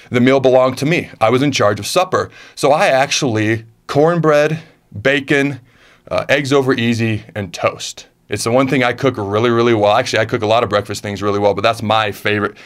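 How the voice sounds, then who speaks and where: Emphatic man answering fan questions. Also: mid-range voice. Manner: energetic, emphatic, repeats phrases for punch. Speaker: former football player answering fan questions. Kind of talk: casual chat reading viewer questions.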